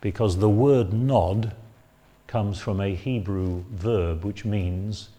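A man preaching an expository Bible sermon, explaining step by step in a measured way with frequent "uh" and "um" fillers. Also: on the low side, dark tone.

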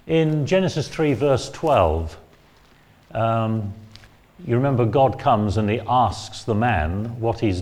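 A man preaching an expository Bible sermon, explaining step by step in a measured way with frequent "uh" and "um" fillers. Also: mid-range voice, a little mellow.

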